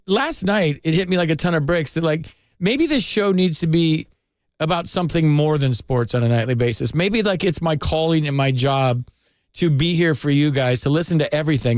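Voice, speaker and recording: A man's voice: fairly high pitch, no room sound. A man hosting a late-night sports call-in radio show, talking in an earnest, rambling, heartfelt way from a studio microphone.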